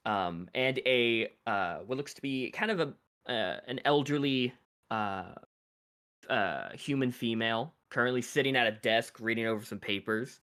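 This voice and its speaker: A man narrating a tabletop game as game master, halting with many fillers. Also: mid-range voice, lively intonation, fairly bright tone, smooth.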